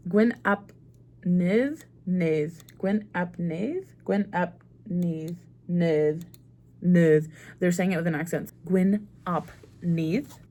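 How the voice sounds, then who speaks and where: A woman's voice: lowish voice, a little mellow. A young American woman chatting casually on her book vlog, rambling and often laughing at herself. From United States. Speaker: book vlogger. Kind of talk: casual chat.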